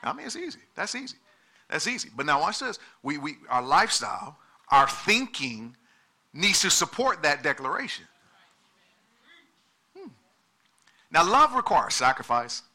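A middle-aged male pastor preaching with a very bright, cutting tone and a high voice for a man. He presses his points with repeated words and calls to the people in front of him. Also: sing-song, moderate pace, pauses often. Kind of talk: sermon.

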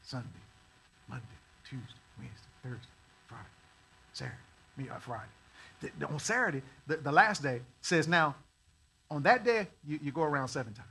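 A male pastor preaching a sermon, telling a story in a folksy way and building to loud calls for the congregation to respond. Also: on the high side, lively intonation, fairly quick, breathy edge.

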